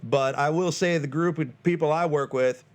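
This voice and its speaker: A man in his forties hosting his own podcast alone, talking loosely with lots of fillers and breaking into shrill panicky shouts for comic effect. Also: fairly even intonation, moderate pace. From Northern Michigan, US. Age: 40s. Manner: loose and self-mocking, lots of fillers and restarts. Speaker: podcast host. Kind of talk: rambling solo podcast monologue.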